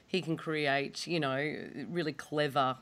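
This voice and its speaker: A woman's voice: sits low, fairly even intonation, unhurried, fairly bright tone. Wry middle-aged woman. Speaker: guest, presenter. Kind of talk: reflective interview talk.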